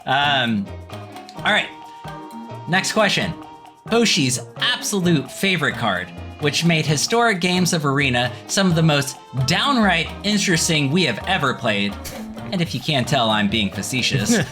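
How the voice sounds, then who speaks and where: Male podcast host running a quiz game, relaxed and joking, lively ups and downs in his voice, with music behind. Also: a little high, unhurried. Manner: laid-back, joking quizmaster. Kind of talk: casual podcast chat.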